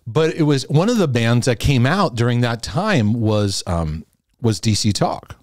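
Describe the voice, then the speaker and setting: A man's voice: mid-range voice, sing-song, normal speed, a little mellow, dry recording. A middle-aged man, a host and former youth pastor, talking casually and reflectively to a camera, often repeating himself, restarting phrases and chuckling. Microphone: camera in front of him.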